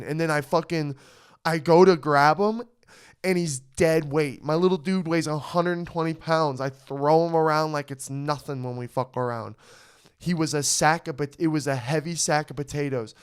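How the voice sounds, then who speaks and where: A man co-hosting a podcast, telling a story in casual chat. He sounds animated and swears freely. His voice is smooth and clear, pitched a little high for a man. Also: normal speed. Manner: animated, swearing, frequent "you know what I mean". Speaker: podcast co-host.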